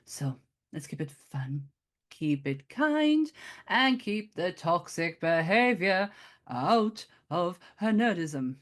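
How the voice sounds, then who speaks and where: A chatty, giggly woman hosts a podcast, her voice bouncing up and down with lively, sing-song pitch. She talks in a relaxed, casual way and breaks into laughter often. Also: takes it slowly. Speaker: podcast host.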